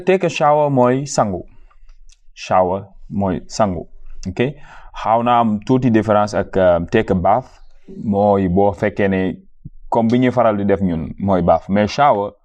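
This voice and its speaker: Patient low-voiced man teaching beginners. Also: darkish tone. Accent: Wolof. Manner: repeats phrases slowly and patiently, then explains them. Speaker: language teacher. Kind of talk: beginner language lesson.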